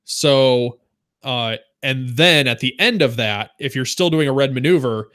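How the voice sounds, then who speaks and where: A man of ordinary pitch co-hosting a podcast. He explains game rules in a plain, matter-of-fact way and sets the others straight without fuss. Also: measured pace, fairly bright tone. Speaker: podcast co-host. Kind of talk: casual podcast discussion.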